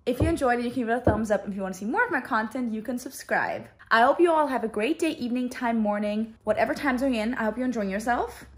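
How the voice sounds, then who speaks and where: A woman's voice: fairly high pitch, expressive, fast, hardly any pauses. A young woman chatting on a book vlog, gushy and emotional as she talks about reading. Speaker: book vlogger. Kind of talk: casual vlog chat.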